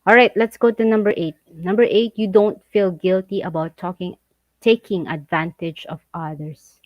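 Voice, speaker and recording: A woman chatting casually as a vlog co-host, animated and laughing as she reads viewer comments and acts out quoted voices. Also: lowish voice, normal speed, no room sound, muffled recording.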